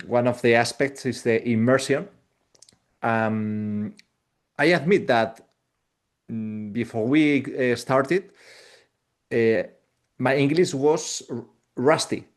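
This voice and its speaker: Man hosting, careful and unhurried. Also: mid-range voice. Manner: measured, with many "um" pauses. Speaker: podcast host. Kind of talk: conversational interview.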